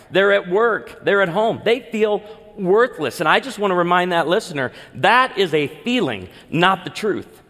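A man's voice: high voice, a bit bright. A middle-aged man preaching a sermon as a pastor, earnest and emphatic, building points in rhythmic lists. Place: church sanctuary. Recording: long reverb in a large church hall.

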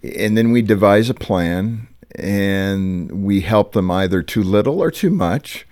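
A man hosting a radio interview, asking questions in a measured, thoughtful way. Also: lowish voice, darkish tone, no echo, clean studio sound. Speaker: radio host.

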